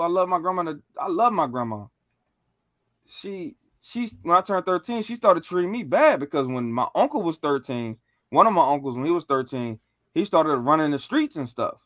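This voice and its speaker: A man on a podcast telling stories in a casual, animated way, full of slang and profanity. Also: sits high, no room sound, studio quality. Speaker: podcast co-host.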